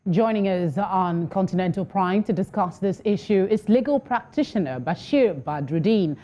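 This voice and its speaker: A woman presenting TV news and interviewing a guest, composed and brisk. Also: medium pitch, lively intonation, mellow. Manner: composed, brisk, with some fillers. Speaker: news anchor.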